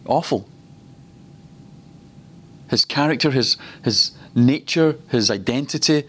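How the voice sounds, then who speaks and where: A man's voice: mid-range voice, fairly bright tone, slight background noise. Man from Glasgow preaching a teaching sermon. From Glasgow, Scotland. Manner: storytelling, slows down and repeats words for emphasis. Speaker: preacher teaching a ministry school session.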